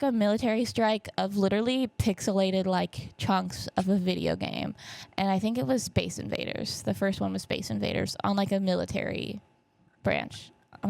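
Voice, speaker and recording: A woman's voice: medium pitch, vocal fry, a little mellow. A young woman in her twenties hosting her own podcast, chatting casually and rambling about movies with plenty of fillers and asides, her nose a bit stuffy. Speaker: podcast host. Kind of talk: casual solo podcast recap. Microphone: camera setup.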